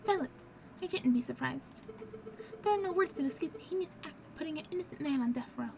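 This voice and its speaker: A woman's voice: high voice, animated, quick pace, creaky, noisy background, pitched above the performer's own voice. Woman voicing a scornful noble villainess. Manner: contemptuous, mocking.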